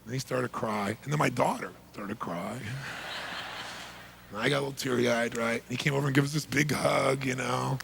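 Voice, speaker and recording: A middle-aged man, a motivational speaker, telling a story emphatically, swinging from loud bursts to hushed lines. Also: mid-range voice, steady tone, fairly quick, vocal fry, a little hiss or hum.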